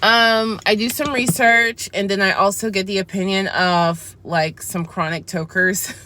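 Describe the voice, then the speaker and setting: A woman's voice: medium pitch, fairly even intonation, measured pace, pushed and bright. A woman vlogger talking candidly in a casual chat review, acting out her side of conversations as she tells them. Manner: chatty and candid, acts out her side of dialogues.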